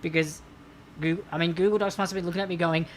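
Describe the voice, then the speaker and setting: Bubbly low-voiced woman hosting trivia. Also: steady tone, fast talker, slight background noise. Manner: bubbly, laughs often, playful asides. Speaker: trivia quiz host. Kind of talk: live-streamed trivia hosting, chatty.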